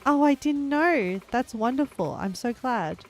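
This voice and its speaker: A woman's voice: high-pitched, lively intonation, measured pace. A young woman streamer giving giggly, chatty let's-play commentary and reading her chat aloud.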